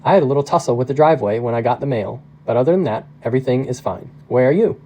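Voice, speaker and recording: A man's voice: medium pitch, rapid-fire, mellow, close to an everyday voice, low-quality recording. A man voicing a weary middle-aged man with dry, understated humor. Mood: tired. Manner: wry, understated.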